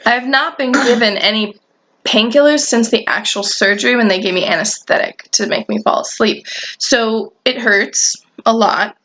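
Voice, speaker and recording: A woman's voice: a little high, moderate pace. A woman telling a story in a casual chat, acting out the people she quotes and laughing often. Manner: animated, acts out quoted voices, laughs often. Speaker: guest storyteller.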